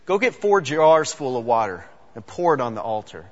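A man's voice: medium pitch, big pitch swings, moderate pace, a little hiss or hum, natural voice. A man playing Elijah, a confident prophet. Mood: commanding. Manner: casual, modern phrasing, repeats words. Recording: dull sound with long hall reverb.

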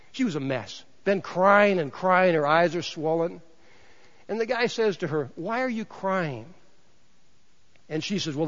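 Male pastor, high voice, storytelling sermon, long echoing hall. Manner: storytelling, shifts between hushed and emphatic. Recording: dull sound in a large hall with long reverb.

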